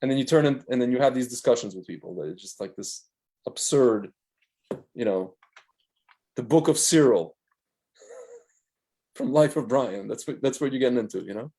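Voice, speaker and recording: A middle-aged man talking casually on a podcast, telling stories in a rambling, animated way with many restarts. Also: medium pitch, normal speed, pauses often. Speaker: podcast co-host. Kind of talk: casual chat.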